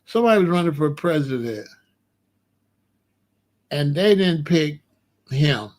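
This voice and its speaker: A man in his sixties giving a rambling comedic monologue as host, telling stories with animated disbelief and laughter. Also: a little high, unhurried. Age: 60s. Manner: animated, incredulous storytelling with laughs.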